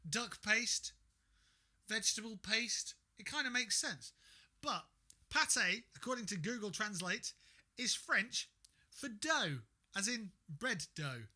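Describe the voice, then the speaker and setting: A man's voice: high-pitched, animated, takes it slowly, pushed and bright. A man chatting casually on a gaming livestream, sarcastic and swearing a lot, talking to himself as he reads things out. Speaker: streamer.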